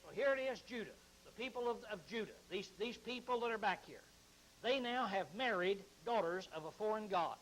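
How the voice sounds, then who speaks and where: A man teaching through a Bible book verse by verse, chatting with many fillers and restarts, reading scripture slowly and with emphasis. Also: sits high, a bit bright, a little hiss or hum, rough recording. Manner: conversational, frequent uh fillers and restarts.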